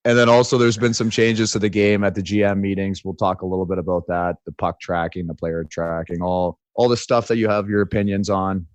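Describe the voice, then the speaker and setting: A male podcast co-host in easy, joking chat. His voice is fairly low, and he tells stories in a loose way, checking in with "right?" as he goes. The sound is close and dry. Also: fairly even intonation, a little fast, hardly any pauses, no room sound. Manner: bantering, storytelling with many "like"s and "right?"s. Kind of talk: casual chat.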